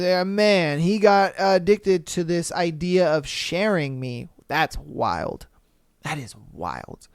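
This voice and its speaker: A young man hosting a podcast, casually reading out listener posts and reacting with profane, animated commentary and laughter. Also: high voice, clear, resonant tone, dry recording, studio quality. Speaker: podcast host.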